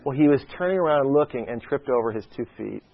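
Male preacher at a medium pitch, chatty and anecdotal, on a dull lo-fi recording. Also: lively intonation, quick pace, vocal fry. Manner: conversational, often adds "okay?". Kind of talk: sermon with a personal story. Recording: dull lo-fi sound.

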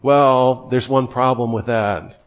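A man at a middle pitch teaches Christian apologetics in a relaxed, conversational style. He leans into emphatic, incredulous asides as he makes his points. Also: slow pace. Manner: conversational, acts out quoted voices. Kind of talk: lively teaching talk.

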